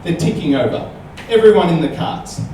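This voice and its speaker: Animated man telling a comedy story live. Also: a little high, a little fast. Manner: animated, punctuates with "right?". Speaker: comedian guest. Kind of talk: live stand-up storytelling and chat. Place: small comedy venue with audience. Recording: echoey live room, distant mic, noisy.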